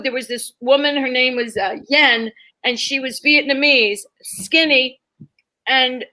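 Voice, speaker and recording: A woman comedian telling funny stories in a casual chat, laughing often and acting out other people's voices. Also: high voice. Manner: animated, laughing, acts out voices in her stories. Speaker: comedian guest. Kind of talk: storytelling chat.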